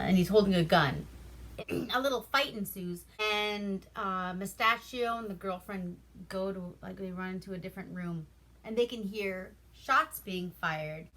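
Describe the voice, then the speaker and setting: Sex: woman. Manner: slow, bright, chatty recap. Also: lowish voice. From Alaska. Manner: loose, chatty retelling with profanity and fillers. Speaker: movie reviewer. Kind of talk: casual movie recap.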